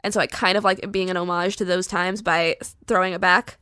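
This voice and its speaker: A young woman podcast host casually pitching a horror story, chatty and animated with lots of filler words. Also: a little fast, smooth, no room sound, studio quality.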